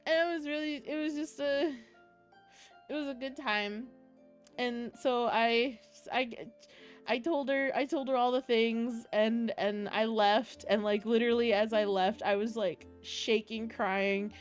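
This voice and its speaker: A woman's voice: fairly high pitch, fairly even intonation, a little slow, faint music behind. A young woman streaming casually to her chat, recounting a meetup in an emotional, rambling way, often close to tears and laughing. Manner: emotional, giggly, tearful, rambling with restarts.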